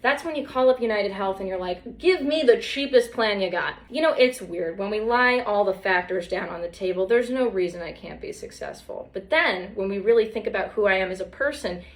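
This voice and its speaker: A woman's voice: medium pitch, expressive, a little fast, few pauses. A young woman telling stories in casual chat, sarcastic and swearing, mocking other people's lines in put-on voices. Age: young adult.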